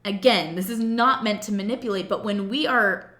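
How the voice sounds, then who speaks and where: A woman coach giving a playful, animated motivational talk. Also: medium pitch, normal speed. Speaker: self-love coach. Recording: roomy echo.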